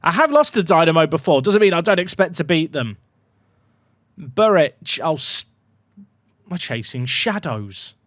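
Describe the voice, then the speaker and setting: A young man commentating his own football management game at home, chatty and excitable, shouting when goals go in. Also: a little high, measured pace, long pauses, dry recording. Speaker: gaming YouTuber. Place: home room.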